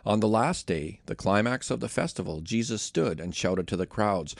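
A man reading scripture aloud in a steady, measured narration. His voice is gravelly, with a lively rise and fall, and the recording is close and dry. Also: lowish voice, no echo. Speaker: scripture reader.

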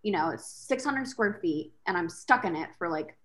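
A woman guest in a casual podcast chat, candid and expressive, swearing freely as she tells her story. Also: lowish voice, normal speed.

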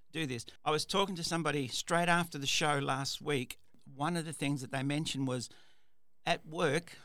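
A man's voice: medium pitch, fairly bright tone, clear, resonant tone, no room sound. A man hosting a radio talk show, telling a story in a rambling way, with repeated words and restarts. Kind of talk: casual storytelling monologue.

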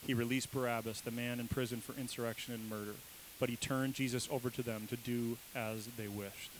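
A man's voice: mid-range voice, flat delivery, a little fast, slight background noise, poor audio. A man preaching a sermon in a casual, conversational way, quizzing his listeners and acting out the people in the story with sudden bursts of emphasis. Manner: conversational, asks the congregation questions; acts out quoted voices with bursts of emphasis. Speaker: pastor.

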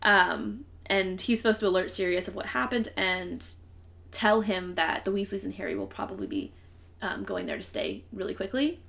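A woman's voice: mid-range voice, expressive, moderate pace, gravelly, a bit bright. A woman co-hosting a podcast, casually recapping a book with lots of fillers and trailing thoughts. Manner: chatty, filler-heavy, trails off mid-thought. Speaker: podcast co-host.

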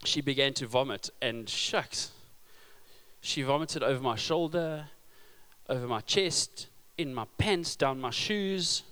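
A man, preaching a sermon with humorous stories and loud emphasis. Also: medium pitch, slow pace, smooth. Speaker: pastor.

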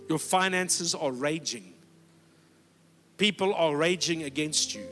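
A middle-aged man preaching a sermon, emphatic, swinging from loud exhortation down to low, quiet lines. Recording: long hall reverb.

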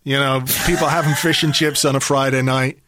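A man's voice: mid-range voice, steady tone, a little fast, sharp tone, a little hiss or hum. A man from Ireland, co-hosting a casual podcast chat, talking loosely and swearing now and then. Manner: chatty, swearing, self-interrupting. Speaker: podcast co-host.

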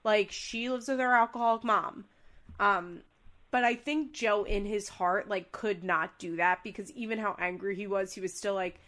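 With a medium-pitched, slightly bright voice and fairly even intonation, a young woman speaks at a moderate pace as a podcast co-host. In casual chat she recaps a reality show, performing quoted lines with exaggerated voices.

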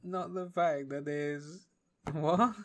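A man's voice: fairly high pitch, steady tone, takes it slowly, fairly bright tone, slight background noise. A young man from the UK co-hosting a podcast, with crude, teasing, sweary casual banter. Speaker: podcast co-host.

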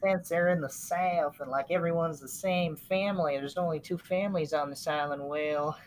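A woman chatting casually about a film, relaxed and agreeable. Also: sits low, moderate pace, slight background noise, low-quality recording. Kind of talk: casual chat.

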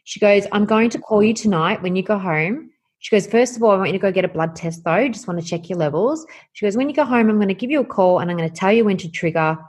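A woman appears as a guest, candidly telling a personal story and animatedly acting out the conversations in it. Her mid-range voice is slightly rough, and she speaks quickly.

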